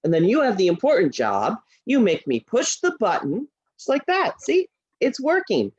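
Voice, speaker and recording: A woman's voice: fairly high pitch, wildly swooping pitch, moderate pace, a little mellow, husky, dull audio, heavily acted. A woman voicing a cheerful, patient teacher puppet who coaxes and encourages a friend, in a puppet show over a video call. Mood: encouraging. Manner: encouraging, upbeat, coaxing.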